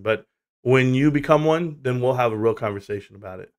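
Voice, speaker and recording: A man's voice: medium pitch, a little fast. A man hosting a casual livestream chat, rambling, swearing and laughing through stories, from the United States. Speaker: livestream host.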